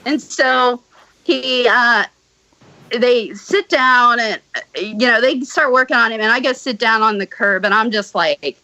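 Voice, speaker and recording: A woman guest on a podcast, casually telling a true story with blunt, profane, animated delivery. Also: on the high side, dry recording, poor audio. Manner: blunt, swears freely, animated retelling.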